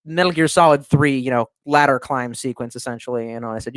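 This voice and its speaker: A man's voice: medium pitch, fast talker, few pauses, no echo. Rambling, foul-mouthed man streaming from home. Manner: rambling and profane, with many restarts. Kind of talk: casual livestream chat.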